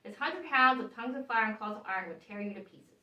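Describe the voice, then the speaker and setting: A woman's voice: on the high side, animated, quick pace, sharp tone, highs cut off. A woman voicing a clever little white male cat in a storybook reading, speaking in a knowing, teasing way. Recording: echoey room, voice from far off.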